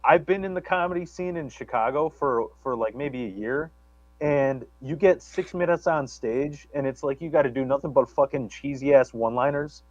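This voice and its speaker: A man talking in casual chat, halting and profane, self-deprecating about his comedy. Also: mid-range voice, no room sound, lo-fi sound. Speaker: guest, comedian.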